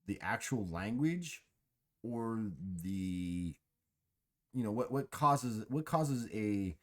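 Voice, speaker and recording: A man's voice: fairly low pitch, lively intonation, slow. A man hosting a casual chat, musing aloud with a rambling, restarting way of talking. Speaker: host.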